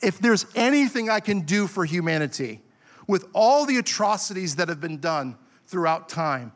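High-voiced impassioned male preacher. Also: animated, moderate pace. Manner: impassioned, rising to emphatic peaks; self-deprecating asides. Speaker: pastor. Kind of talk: sermon. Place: church.

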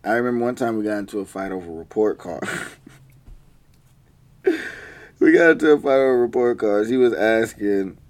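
Young dude, kinda low voice, laughing thru his old childhood stories, super slangy. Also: lively intonation, moderate pace, pauses often, a little mellow. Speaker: vlogger telling childhood stories. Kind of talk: casual storytelling.

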